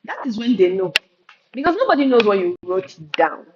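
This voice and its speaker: A woman teaching spoken-word poetry in a live lesson, answering questions with emphatic, drawn-out stresses and repeated restarts. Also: mid-range voice, big pitch swings, a crowd in the background. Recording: roomy, dull and noisy.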